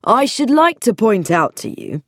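A woman's voice: a little high, big pitch swings, normal speed, no room sound, studio quality, pitched above the performer's own voice. A woman voicing a stern, pompous older vicar who lectures his son in formal, lecturing speech in a storybook reading.

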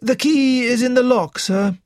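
A man's voice: very high voice, unhurried, no echo, studio quality, pitched above the performer's own voice. A man voicing a stiff, deferential elderly male butler in an audiobook, who speaks formally and politely and ends his lines with "sir.". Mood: shocked, deferential.

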